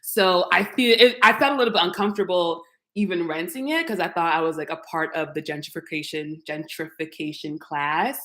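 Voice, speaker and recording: A woman's voice: on the low side, fairly quick, sharp tone. A woman in her twenties chatting casually to live-stream viewers while she walks through a modern apartment, picked up by a camera mic. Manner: chatty and playful, talks straight to viewers. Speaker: YouTuber giving an apartment tour. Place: modern open-plan apartment, indoors. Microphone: camera mic, walking through rooms. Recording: echoey apartment rooms.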